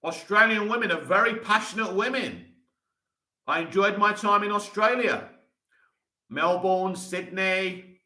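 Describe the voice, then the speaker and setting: Bright-voiced man, echoey room. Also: sits high, unhurried. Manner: enthusiastic, talks in restarts and asides. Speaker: livestream host reading viewer comments. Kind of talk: casual live chat.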